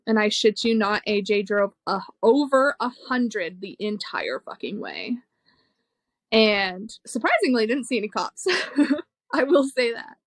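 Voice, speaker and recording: A young woman shares a painful personal story on a podcast, talking frankly and emotionally and cursing without a second thought. Her voice sits at a middle pitch, and the close mic makes it sound very dry. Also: very animated, unhurried, no room sound. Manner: frank and emotional, swears freely, laughs between hard moments. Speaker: podcast guest. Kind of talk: candid conversational storytelling.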